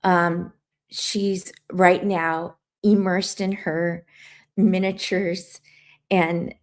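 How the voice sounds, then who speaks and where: A woman's voice: fairly low pitch, level tone, very slow. A woman hosting a livestream, talking earnestly while crying and reading viewer comments aloud. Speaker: livestream host.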